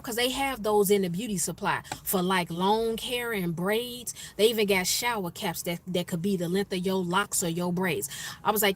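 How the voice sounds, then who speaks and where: Woman vlogger, lively storytime talk, slight background hiss. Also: mid-range voice, moderate pace. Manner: animated storyteller, acts out coworkers' voices. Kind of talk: casual storytime chat to viewers. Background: faint street noise, passing sirens.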